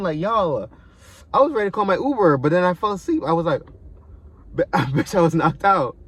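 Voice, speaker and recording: A young man with telling a story to camera in casual vlog style, animated and profane, jumping between loud outbursts and mumbled asides. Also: a little high, fairly quick, slightly rough. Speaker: vlogger.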